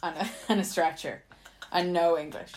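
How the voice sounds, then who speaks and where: Animated young woman telling a story. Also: lowish voice, moderate pace, a little hiss or hum. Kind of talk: casual storytelling chat.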